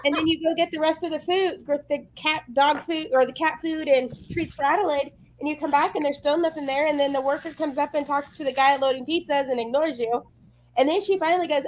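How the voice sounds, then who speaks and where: High-voiced woman telling a story. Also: brisk. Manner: animated storyteller acting out dialogue. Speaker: host. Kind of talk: casual chat.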